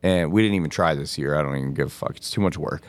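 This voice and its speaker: Deep-voiced man telling laid-back stories. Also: fast. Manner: laid-back, profane storytelling. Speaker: podcast co-host. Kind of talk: casual chat.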